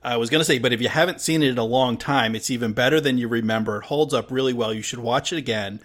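A man's voice: medium pitch, fairly bright tone. A man hosting a podcast, talking casually with frequent stammered restarts. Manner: halting, stammering restarts, friendly sign-off. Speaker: podcast host.

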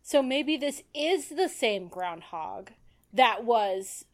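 Woman, somewhat high voice, thoughtful, casual film chat. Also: lively intonation, slow pace. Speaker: podcast co-host.

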